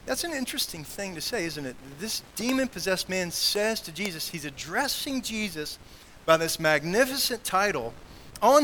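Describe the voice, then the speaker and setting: A man preaching a sermon in an earnest manner, growing loud on key points and dropping to quiet asides. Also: fairly high pitch, slight background noise, low-quality recording. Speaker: pastor.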